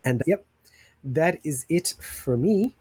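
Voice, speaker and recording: A man's voice: a little high, lively intonation, slow pace, darkish tone, husky, no room sound. A man hosting a podcast in casual chat, rambling with enthusiasm and plenty of fillers. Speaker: podcast host.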